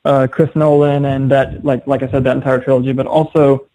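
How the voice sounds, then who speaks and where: A young man hosting a podcast, chatting casually and telling quick, animated stories. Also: medium pitch, no echo, rough recording. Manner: animated, quick storytelling with laughs. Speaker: podcast host. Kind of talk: casual chat.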